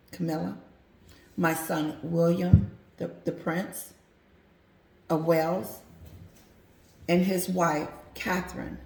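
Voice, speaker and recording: A woman voicing an older male king who is aggrieved and firm, scolding in a stern, measured way. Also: on the low side, gravelly, a little mellow. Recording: roomy echo.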